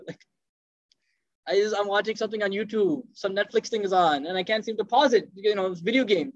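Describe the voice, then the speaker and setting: A man telling a story in a lively sermon, acting out the quoted speech and mixing in Arabic phrases. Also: high voice, fast, no echo. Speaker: preacher. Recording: dull, dry lo-fi sound.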